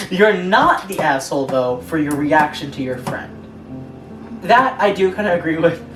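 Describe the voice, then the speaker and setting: In an echoey room with music playing, a young woman sits distant from the mic as she co-hosts a casual conversation. Her deep voice is very animated yet unhurried, and she giggles through the online posts she reads, adding frequent laughing asides.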